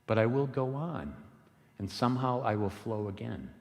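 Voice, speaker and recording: A man's voice: medium pitch, animated, normal speed, darkish tone, big-room sound, pitched above the performer's own voice, lightly acted. A man voicing a restless young male seeker who questions the purpose of his life, within a sermon story. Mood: reflective.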